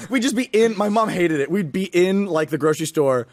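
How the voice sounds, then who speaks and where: A man's voice: high voice, lively intonation, a little fast, no room sound. A man co-hosting a podcast in casual chat, who tells stories animatedly and acts out voices while laughing. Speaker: podcast co-host.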